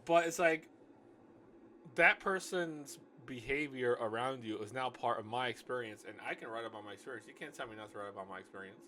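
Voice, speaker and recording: Guy reading his own book out loud, keeps stopping to roast his own writing, normal voice, kinda casual. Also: medium pitch, brisk, slight background noise. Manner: breaks off to mock and argue with his own text; loose, joking, self-correcting. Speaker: author reading his own novel aloud. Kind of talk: casual reading with running asides.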